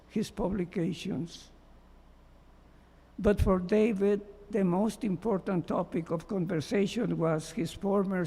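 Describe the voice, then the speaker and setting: A man giving a measured, heartfelt memorial tribute as a former doctoral student, reading prepared remarks. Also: sits high, vocal fry, darkish tone. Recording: long hall reverb.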